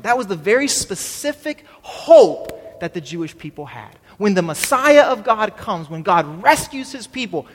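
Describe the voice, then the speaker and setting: A man's voice: high-pitched, a bit bright, big-room sound. A male pastor preaching a sermon in a conversational way, often checking in with the congregation and having them repeat his main point. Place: church.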